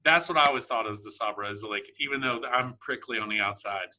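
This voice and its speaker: Male host, very bright tense tone, loose rambling storyteller. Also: lowish voice, quick pace. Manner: rambling storyteller, many restarts. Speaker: podcast host. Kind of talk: casual conversation.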